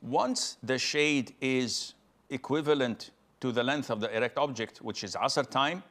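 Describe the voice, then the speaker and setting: A male Islamic scholar answers a caller in a calm, teacherly way. His voice sits at a middle pitch. He lays out each point in order and slows down on the key details. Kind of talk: religious Q&A explanation.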